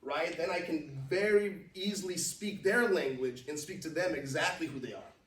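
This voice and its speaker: A man's voice: on the high side, moderate pace. A man from Los Angeles giving a conversational business presentation, checking in with the audience with "right?" every few sentences. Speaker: company CEO presenting to a business network. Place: meeting room. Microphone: far from the mic. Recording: echoey room from far off.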